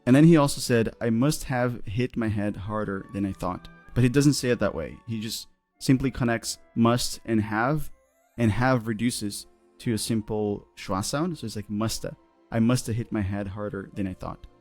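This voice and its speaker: A man's voice: medium pitch, normal speed, darkish tone, soft background music. A man co-hosting an English lesson, quoting film lines and asking his partner questions. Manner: asks questions, quotes clips. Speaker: co-host, English teacher. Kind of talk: casual teaching chat.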